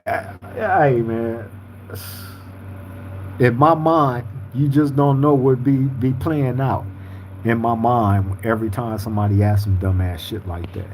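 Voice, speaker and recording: A man's voice: mid-range voice, fairly even intonation, a little slow, darkish tone, a little hiss or hum, rough recording. A man hosting a live podcast, chatting casually in streetwise slang and reading out viewer comments. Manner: laid-back, streetwise slang, frequent "you feel me". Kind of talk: casual live-stream chat.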